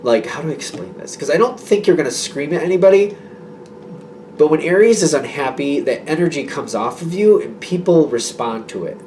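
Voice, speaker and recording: A man's voice: a little high, animated, brisk, darkish tone, distant mic, a little hiss or hum. Man giving a rambling, reassuring tarot reading. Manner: rambling, reassuring, many fillers and restarts. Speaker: tarot reader. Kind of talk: casual tarot reading addressed to viewers.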